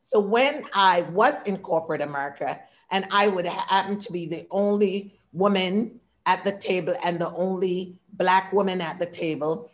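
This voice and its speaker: A woman in her sixties with an accent, talking through a workshop presentation on a video call in short, listed phrases. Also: lowish voice. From immigrant. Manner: warm, talkative, speaks in short lists; audible non-native English accent. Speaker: diversity consultant and workshop speaker.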